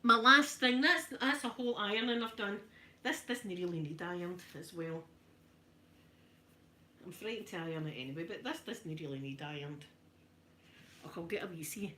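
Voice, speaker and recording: A Glaswegian woman in her fifties, chatting softly in an ASMR video while ironing, telling lively stories and answering viewers in broad Scots. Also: on the low side, moderate pace, pauses often, slight background noise. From Scotland. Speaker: ASMR creator. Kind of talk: soft-spoken ASMR chat while ironing.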